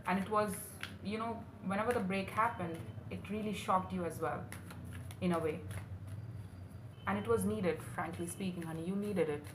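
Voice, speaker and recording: In a room with a roomy echo and faint background noise, a tarot reader does a reading for her viewers. Her mid-range voice moves at a moderate pace, and she sounds earnest and emotional, calling the listener honey.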